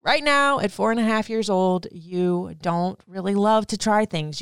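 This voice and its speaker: A woman's voice: medium pitch, clean tone, no room sound, clean studio sound. A young woman hosting a podcast, speaking emotionally and tearfully as she gives advice to her young son, then thanks her listeners. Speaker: podcast host. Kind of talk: heartfelt podcast monologue.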